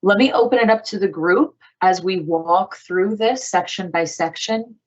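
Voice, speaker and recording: A woman's voice: mid-range voice, moderate pace, highs cut off. A woman facilitating a virtual meeting in an organized, directive way as she calls on participants. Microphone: video call.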